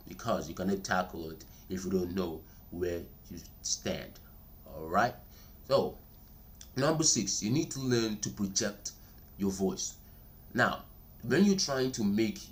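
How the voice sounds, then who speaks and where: Man, very low voice, laid-back tutorial host; chatty, repeats himself, keeps asking "all right?". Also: a little hiss or hum. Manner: chatty and repetitive, calls viewers "bro" and "man", checks in with "all right?"; slows down and speaks steadily when demonstrating. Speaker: voice coach vlogger. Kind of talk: casual spoken tutorial.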